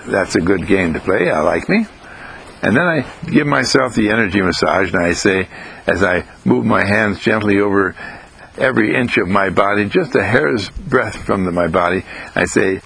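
A man giving an inspirational self-help monologue, gentle and sing-song, repeating phrases with rising pitch. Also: sing-song, normal speed, gravelly, a little hiss or hum, low-quality recording.

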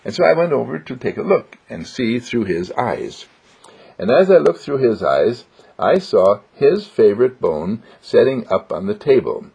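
A man's voice: mid-range voice, very animated, normal speed, creaky, darkish tone, slightly rough. A man giving a spiritual motivational monologue in a sing-song, joyful way, repeating simple affirmations, on a dull lo-fi recording. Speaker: inspirational speaker.

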